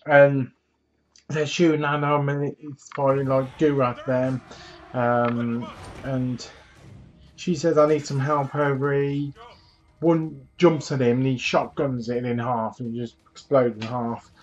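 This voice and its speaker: A man hosting a gaming channel talks through a trailer in a loose, rambling way, filling pauses with plenty of ums. His voice sits at an ordinary middle pitch. The recording sounds dull and lo-fi. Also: little pitch movement. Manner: chatty, rambling retelling with many fillers. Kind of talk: casual trailer recap.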